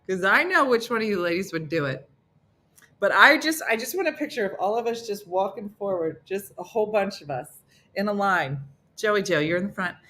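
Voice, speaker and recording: A middle-aged woman hosts a casual live morning chat, playfully teasing her viewers and bursting into high, silly voices when imitating others. She speaks fairly quickly, animated, with a pushed, bright voice.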